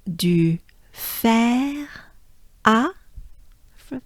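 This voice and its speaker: A native French woman with a French accent, coaching listeners through pronunciation, drilling sounds slowly with exaggerated vowels and soft asides. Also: medium pitch, dry recording, studio quality. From France. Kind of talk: pronunciation lesson. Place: outdoors.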